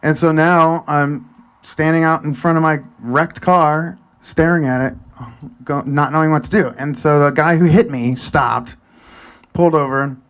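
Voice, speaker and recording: A man in his forties telling a personal story live, chatty and animated, sometimes dropping to a near whisper. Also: on the high side, unhurried, clear, resonant tone. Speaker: storyteller and event host.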